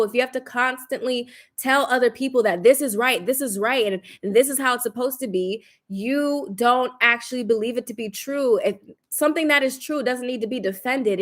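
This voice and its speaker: A young woman in casual livestream chat, candid and animated, laughing often and swearing casually. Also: a little high, a little fast. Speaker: spiritual lifestyle creator.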